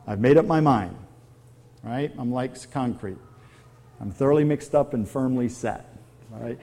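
A man's voice: medium pitch, measured pace, vocal fry, warm tone, a little hiss or hum. A middle-aged man preaching a sermon, conversational and full of questions to his audience. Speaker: pastor.

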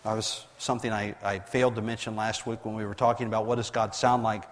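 A man preaching a sermon, reading scripture aloud and explaining it, with many restarts and swings between raised readings and quiet asides. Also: fairly low pitch, level tone, fast, big-room sound. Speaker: pastor.

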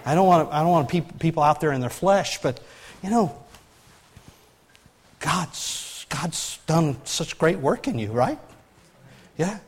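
Man, pastor, preaching to a congregation, animated, loud peaks, fairly high voice. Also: takes it slowly, long pauses, slightly rough. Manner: animated, rising to loud emphatic peaks, many restarts. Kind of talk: sermon.

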